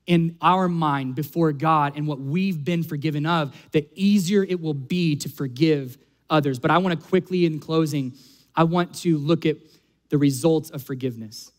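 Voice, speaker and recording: A man preaching a sermon, earnest and building to emphatic peaks. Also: fairly high pitch. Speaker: pastor.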